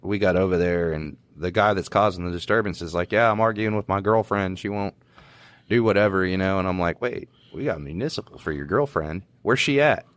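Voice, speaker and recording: Deep-voiced cop telling stories. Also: male voice, brisk, dry recording. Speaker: podcast co-host, police officer. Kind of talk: casual storytelling chat.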